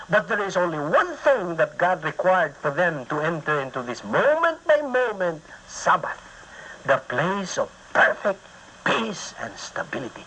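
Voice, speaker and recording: A man's voice: high voice, very animated, a little slow, sharp tone, poor audio. A man with a Filipino accent teaching a Bible study as an emphatic sermon, mixing English and Visayan and asking his listeners questions.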